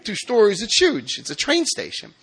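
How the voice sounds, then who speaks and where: A man from New Jersey shares his personal recovery story with a meeting. He tells it in an animated, self-mocking way, full of restarts. His voice is bright and forceful. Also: sits high, moderate pace, gravelly, husky. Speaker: recovering alcoholic speaker.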